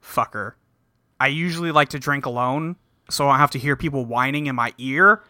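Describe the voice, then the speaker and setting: A man voicing a gruff, threatening male villain in low, muttered tones. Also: fairly quick, bright, forceful tone, dry recording, clean studio sound. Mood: menacing.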